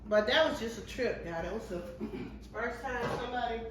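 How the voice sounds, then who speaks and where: A woman's voice: on the high side, a little fast, very noisy. A woman in her fifties, a vlogger and barber, telling a story in a chatty, colloquial way while cooking in her kitchen. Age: 50s. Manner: chatty, colloquial, animated retelling. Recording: roomy sound from a far mic.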